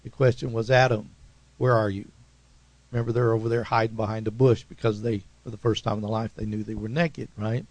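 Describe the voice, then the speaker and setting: A man with an Oklahoma accent preaching a sermon as pastor, talking in a conversational, emphatic way and swinging suddenly between loud and soft. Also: lowish voice, steady tone, fast talker, few pauses, dry recording, poor audio.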